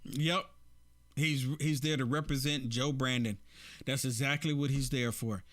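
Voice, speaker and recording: A man's voice: medium pitch, steady tone, unhurried, fairly bright tone. A man hosting an opinion commentary show, reacting to clips and pressing his points with repeated rhetorical questions to his viewers. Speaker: political commentary host.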